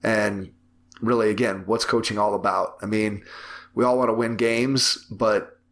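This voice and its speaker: A man with a fairly low voice hosts a podcast conversation. He speaks in a measured, thoughtful way and sums up what his guest says before moving on. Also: fairly even intonation, a bit bright, slight background noise. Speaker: podcast host. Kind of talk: casual interview chat.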